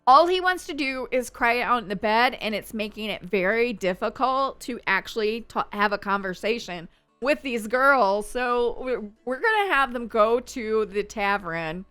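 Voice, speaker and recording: A woman with a bright, smooth and slightly high voice, casually narrating her gameplay. She chats along, reacting with small gasps and exclamations. Faint music plays underneath. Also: animated, normal speed. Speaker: gaming channel host. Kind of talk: casual let's-play commentary.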